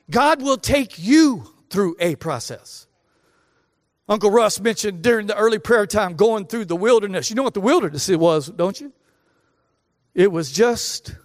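A man's voice: high-pitched, dry recording, studio quality, big-room sound. A man preaching a sermon as pastor, emphatic and repetitive, with joking asides to the congregation. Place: church.

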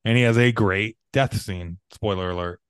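A laid-back podcast co-host, a man with a smooth, clear voice. He drops dry jokes and stalls on "uh" as he gathers his thoughts. The sound is close and dry. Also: lowish voice, normal speed, no echo. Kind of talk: casual chat.

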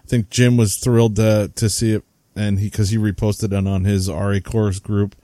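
A man with a New Jersey accent chats on a podcast in a relaxed, mellow voice, reading out listener comments and laughing between them. The sound is dry and close. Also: on the low side, moderate pace, no echo. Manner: chatty, laughs while reading names. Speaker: podcast co-host.

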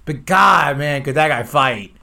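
A man co-hosting a casual podcast chat, excitable and laughing often. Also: on the high side, a little slow, vocal fry. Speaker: podcast co-host.

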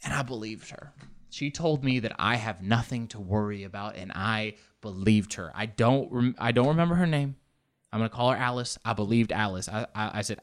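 A man hosting a podcast, telling a travel story in a rambling, animated way with sarcastic asides. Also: mid-range voice, normal speed. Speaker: podcast host. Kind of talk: comedic storytelling.

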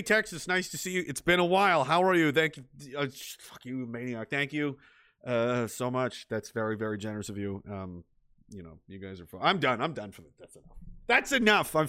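A man's voice: medium pitch, very animated, fairly quick, bright, forceful tone, no room sound, clean studio sound. A man reading viewer messages on a livestream, ranting and swearing, trailing off into mumbled asides. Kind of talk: profane livestream chat reading.

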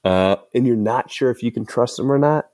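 A man's voice: mid-range voice, fairly quick, a little mellow, dry recording, studio quality. A male podcast host chatting casually and in a laid-back way, with lots of fillers and chuckles.

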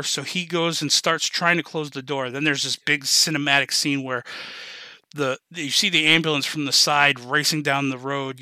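Male podcast host, bright voice, excited rambling recap, dry mic. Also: on the high side, dry recording. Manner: enthusiastic, rambling retelling with fillers and swearing. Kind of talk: casual movie recap chat.

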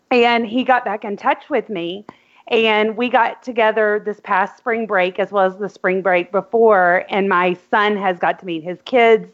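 A woman's voice: mid-range voice, muffled recording. A woman co-hosting a podcast, chatting casually and getting sentimental, with frequent ums. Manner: sentimental, rambling with many ums. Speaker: podcast co-host. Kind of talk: casual chat.

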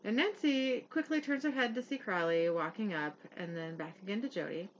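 A woman's voice: medium pitch, expressive, a little fast, highs cut off, a little hiss or hum. A woman hosting a casual podcast, recapping a TV episode in a chatty way with fillers and laughter.

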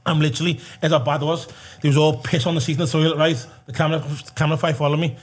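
A man's voice: on the high side, little pitch movement, rapid-fire. A man, a guest telling rowdy stories with lots of swearing and laughter. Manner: swearing, laughing, calls everyone lad. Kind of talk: casual storytelling.

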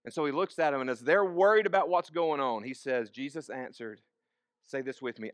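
A man's voice: on the high side, moderate pace, a bit bright, no echo. A man preaching a sermon, asking the congregation questions and repeating key phrases. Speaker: pastor.

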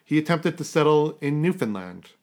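A man's voice: a little high, sing-song, moderate pace, a little mellow. A man from Canada hosting a casual history podcast, rambling, correcting himself and chuckling at his own asides. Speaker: podcast host.

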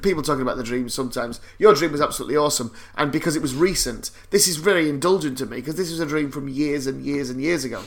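A man's voice: fairly high pitch, very fast, few pauses. A man co-hosting a podcast, swearing often, laughing and telling stories in casual banter. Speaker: podcast co-host.

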